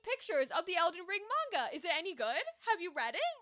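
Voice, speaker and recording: A woman's voice: very high-pitched, big pitch swings, a little fast, pushed and bright. A woman streaming as a voice actor, chatting casually and candidly, swearing freely with lots of asides. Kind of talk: casual livestream chat.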